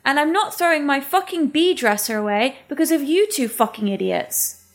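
A woman talks in a slightly high voice. She is candid and blunt in casual podcast chat and swears freely. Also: normal speed.

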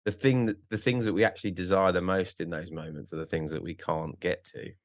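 A man with a very deep voice talks candidly, stumbling over restarts and fillers, swearing now and then. The sound is close and dry, with no room echo. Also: steady tone, brisk. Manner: hesitant, many restarts and fillers, swears freely. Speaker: podcast guest, author. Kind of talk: casual chat.

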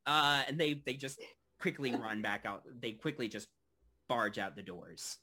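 A man narrating as game master of a tabletop game, halting and loose, with many fillers. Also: mid-range voice, pushed and bright.

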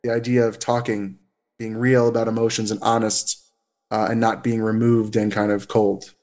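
A man speaking as a therapist guest in a casual podcast interview, talkative and animated, with frequent fillers and restarts. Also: fairly low pitch, moderate pace. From United States.

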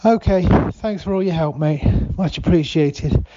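A man's voice: a little high, dark tone, lo-fi sound, natural voice. A man playing a dazed, bewildered man. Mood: dazed worried. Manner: halting, confused, stumbling. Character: dazed, bewildered British man after a bad drug trial. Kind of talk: comedy voicemail sketch.

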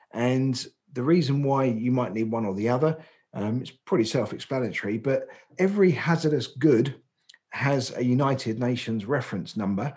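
A man co-hosting a podcast conversation in a mid-range voice. He explains each term patiently and step by step, filling pauses with ums. His tone stays relaxed and chatty. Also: medium pitch. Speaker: podcast co-host, driver agency office manager. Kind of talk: casual explanatory chat.

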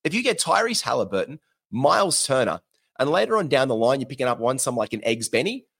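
A man's voice: mid-range voice, very animated, fast, creaky, fairly bright tone, slightly rough. A young Australian man hosting a fantasy basketball podcast, giving chatty, slangy, coaching advice in a casual talk.

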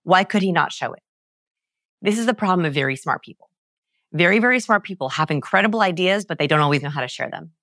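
A woman guest on a podcast, explaining research with emphatic, animated storytelling and big pitch swings. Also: quick pace, dry recording, studio quality. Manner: lively, emphatic, swings pitch high to act out examples.

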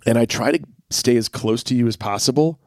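A man's voice: medium pitch, fairly quick, a little mellow, no echo, clean studio sound. A middle-aged man co-hosting a podcast in casual chat, talkative and self-deprecating, laughing easily. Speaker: podcast co-host.

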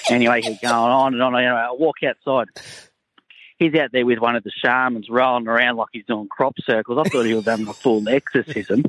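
A man's voice: mid-range voice, steady tone, brisk, noisy background. An Australian man telling a crude, rambling anecdote in a recorded voice message. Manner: crude, laid-back yarn-spinning. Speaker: caller sending in a voice message.

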